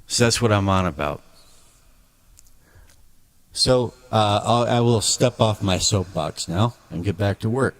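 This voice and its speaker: A man's voice: fairly low pitch, a little slow, long pauses. A man speaking a blunt, emphatic ranting monologue to his viewer as a video creator.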